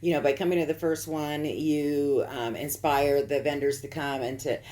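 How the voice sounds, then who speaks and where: A woman hosting a casual chat, upbeat and quick to laugh. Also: low voice, steady tone, mellow. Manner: chatty, upbeat, laughs easily. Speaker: host.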